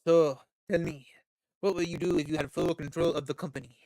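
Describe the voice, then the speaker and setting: A streamer voicing a cold, suave European male investor with a put-on French accent and smooth, formal speech. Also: medium pitch, fairly even intonation, brisk, darkish tone, dry recording, close to an everyday voice.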